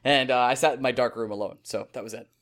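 A man hosting a casual podcast, excitable and joking, with quick outbursts. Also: mid-range voice. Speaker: podcast host.

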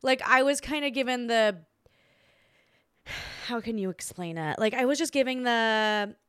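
A young woman talks through a story on her podcast in a loose, chatty way, stacking up "like"s and restarting her sentences. Her voice is smooth and clear, and it is recorded close and dry with no room sound around it. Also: a little slow, no echo. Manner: chatty and animated, acts out quoted voices with big pitch jumps; filler-heavy, many "like"s and restarts. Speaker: podcast host. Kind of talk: casual storytelling monologue.

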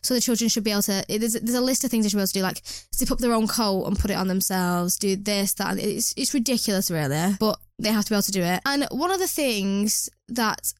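A woman's voice: medium pitch, quick pace, dry recording, studio quality. A young woman hosting a podcast, chatting casually with rambling asides and self-mocking restarts. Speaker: podcast host. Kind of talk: casual chat.

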